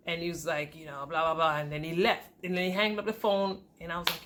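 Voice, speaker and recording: A woman vlogger telling her own relationship story to her viewers, candid and conversational, with sharp jumps in pitch and loudness as her feelings rise. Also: flat delivery, quick pace, hardly any pauses, a little hiss or hum. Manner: pitch and volume swing widely with emotion. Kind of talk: personal storytelling to camera.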